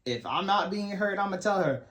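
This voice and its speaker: A man co-hosting a faith-based podcast with his wife, giving relaxed, folksy advice to married men. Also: high-pitched, normal speed. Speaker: podcast co-host. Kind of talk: faith-based casual chat.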